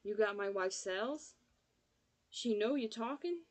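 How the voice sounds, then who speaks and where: A woman's voice: a little high, expressive, slow pace. A woman voicing a weary older man with a Southern accent and slurred, mumbling speech.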